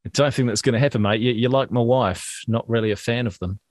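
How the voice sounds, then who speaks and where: A man's voice: medium pitch, quick pace, darkish tone, dry recording, studio quality. A middle-aged man with a New Zealand accent, co-hosting a podcast and trading jokes in casual chat. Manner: jokey, laughs often. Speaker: podcast co-host.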